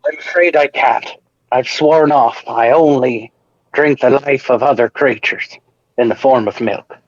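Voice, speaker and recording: A man playing a tabletop game, deadpan and mock-boastful. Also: mid-range voice, unhurried, no echo. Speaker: player. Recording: dull lo-fi sound, dry, off-mic.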